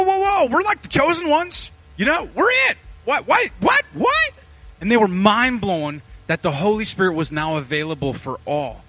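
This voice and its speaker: A male pastor, preaching a casual, animated sermon with slang asides into a mic in a church. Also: fairly high pitch, rough recording. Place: church sanctuary. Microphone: handheld or headset mic.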